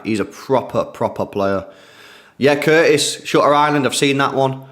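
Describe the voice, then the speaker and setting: With a mid-range, fairly bright voice at a moderate pace, a young man runs a live football watchalong. He keeps things loose and slangy, calling out donors by name as their donations come in.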